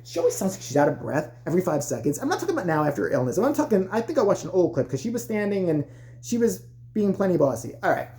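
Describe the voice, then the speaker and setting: A woman's voice: fairly low pitch, very animated, fast, mellow. A woman vlogger ranting in casual, profane comedic commentary.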